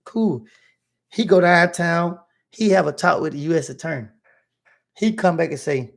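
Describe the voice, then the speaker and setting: Gravelly man telling a story. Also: fairly high pitch, normal speed. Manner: animated, acting out both sides of arguments in his story; slangy street vernacular. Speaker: livestream host telling a story. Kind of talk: casual storytelling to a livestream audience.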